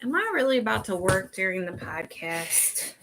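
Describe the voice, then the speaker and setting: A woman's voice: mid-range voice, big pitch swings, normal speed, noisy background. A woman hosting a podcast in a casual, rambling chat that keeps wandering off on side remarks. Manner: rambling, chatty, sidetracked. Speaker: podcast host.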